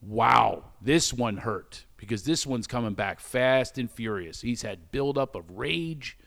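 A middle-aged man with an ordinary mid-range voice tells a personal story openly. He is animated and acts out each quoted exchange with sudden high exclamations, then turns quiet and reflective about shame and recovery. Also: unhurried, gravelly. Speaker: guest telling a personal story. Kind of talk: candid conversational storytelling.

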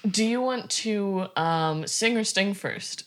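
A woman's voice: mid-range voice, takes it slowly. A woman co-hosting a podcast in casual chat, tossing out dry jokes. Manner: jokey, deadpan quips. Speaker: podcast co-host.

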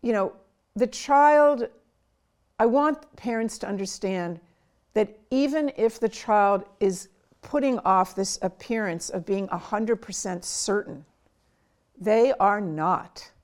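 A woman's voice: medium pitch, slow, darkish tone. A woman psychiatrist in an interview, earnestly coaching parents step by step on how to talk with their child. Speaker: child and adolescent psychiatrist, guest. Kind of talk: advice in an interview.

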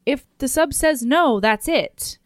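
A woman's voice: high voice, slow pace, no room sound, studio quality. A young woman co-hosting a book podcast, chatting candidly and bluntly, swearing freely. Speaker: podcast co-host discussing a book. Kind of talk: casual chat.

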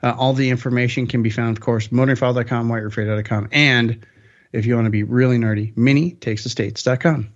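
A man's voice: medium pitch, fairly even intonation, fast talker. A man hosts a podcast in an easygoing, rambling way. He keeps the talk upbeat and often corrects himself mid-sentence. The recording sounds a little dull and lo-fi. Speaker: podcast host. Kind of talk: casual podcast chat.

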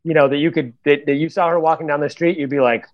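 A man's voice: fairly high pitch, steady tone, quick pace, dull audio. A man co-hosting a casual podcast chat, joking with stammering asides. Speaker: co-host.

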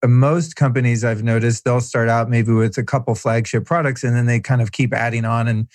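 A man's voice: mid-range voice, fairly even intonation, fairly quick, darkish tone, no room sound. A man hosting a podcast interview, curious and upbeat, asking long, rambling questions. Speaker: podcast host. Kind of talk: casual interview talk.

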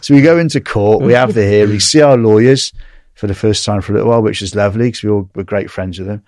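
A man's voice: on the low side, fast, no echo, studio quality. An English man telling a story in casual conversation, acting out the dialogue as he goes. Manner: animated, acts out quoted dialogue.

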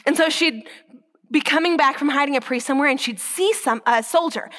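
A woman giving an inspirational Catholic talk who tells stories with energy, drops to a whisper for emphasis and slows down on key words. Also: sits high, fairly bright tone. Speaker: Catholic speaker.

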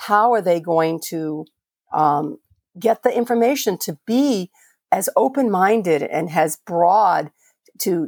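A woman's voice: fairly low pitch, creaky, a little mellow, breathy edge, no echo, clean studio sound. An older woman from Florida, a veterinarian guest on a podcast, telling stories in a passionate, conversational way with frequent restarts. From Florida, USA. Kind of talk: podcast interview storytelling.

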